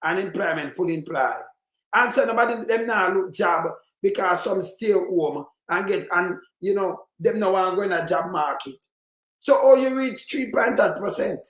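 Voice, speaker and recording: A Jamaican man giving an emphatic political commentary in patois, often breaking into shouts. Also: high voice, normal speed, roomy sound. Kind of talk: ranting commentary over clips.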